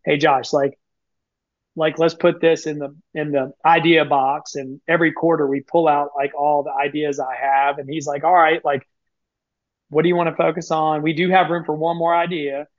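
A man chatting as a podcast guest, telling stories in a quick, lively way and often acting out what he and others said. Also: a little high, no room sound, highs cut off. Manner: fast, animated, quotes himself and others often. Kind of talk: casual storytelling.

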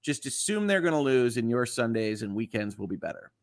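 A man's voice: medium pitch, big pitch swings, a little fast, no echo, clean studio sound. Chatty man hosting a live stream. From Southeast Michigan. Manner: chatty, reads comments aloud, frequent fillers. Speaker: lawyer and live stream host. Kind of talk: casual live stream chat, reading viewer comments.

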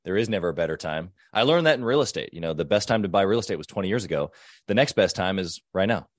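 A man's voice: low-pitched, animated, fast talker, no room sound, clean studio sound. A man hosting a podcast interview, talking conversationally and affirming his guest often. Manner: affirming, conversational, frequent agreement. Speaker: podcast host.

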